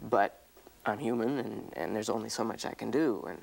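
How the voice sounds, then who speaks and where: A man taking part in a couples counseling exercise, speaking haltingly and pleadingly, repeating words as he voices his hurt. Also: lowish voice, lively intonation, vocal fry. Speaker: workshop participant. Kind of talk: emotional confrontation exercise. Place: counseling seminar room.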